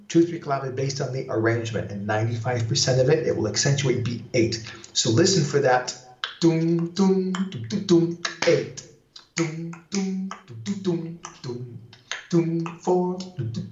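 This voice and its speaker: A man teaching salsa timing in a live online lesson, explaining at length and singing bass lines and beat counts aloud. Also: reverberant, dull audio. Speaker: salsa dance instructor.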